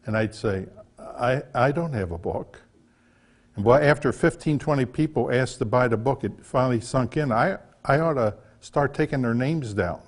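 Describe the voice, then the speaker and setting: A man's voice: mid-range voice, normal speed, hardly any pauses. An older man telling a folksy, chatty story about his life as an author, with small restarts along the way. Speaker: author giving a talk. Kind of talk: casual storytelling talk.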